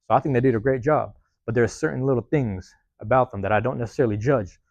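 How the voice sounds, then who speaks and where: A man's voice: mid-range voice, quick pace, a little mellow, dull audio, a little hiss or hum. A man hosting a podcast alone, rambling in a casual, profane monologue and tagging lines with "man", recorded on a phone. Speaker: podcast host.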